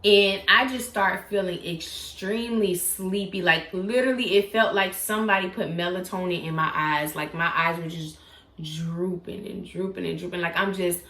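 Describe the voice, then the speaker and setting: A young woman tells a personal story in a casual, animated vlog, acting out quotes with sudden leaps in pitch. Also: normal speed, echoey room. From South Florida. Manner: animated, dramatic retelling with acted-out quotes and sudden pitch jumps. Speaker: YouTuber telling a story.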